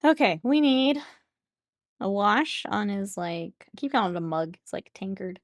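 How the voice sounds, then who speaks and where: A woman's voice: medium pitch, normal speed, no echo, clean studio sound. A woman streaming while she paints miniatures, chatting playfully with viewers and laughing often. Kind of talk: casual chat with live chat while painting.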